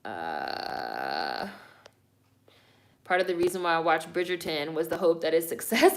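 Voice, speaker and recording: With a low, very animated voice and a slightly slow pace, a woman reads viewer comments aloud during a live stream. Loose and blunt, she offers strong opinions, curses often, and keeps dropping "like" and "y'all."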